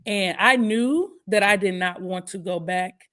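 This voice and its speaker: A woman, a guest co-host telling a candid, lively personal testimony with laughter on a morning talk stream. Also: mid-range voice, a little slow. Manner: lively, laughing, acts out her own prayers.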